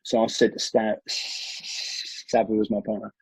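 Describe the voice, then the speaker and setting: A man, a martial arts coach, telling animated stories in a conversational interview, often restarting his sentences. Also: lowish voice, unhurried, vocal fry, hardly any pauses, slightly rough, no echo. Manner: animated storyteller with frequent restarts. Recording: dull lo-fi recording.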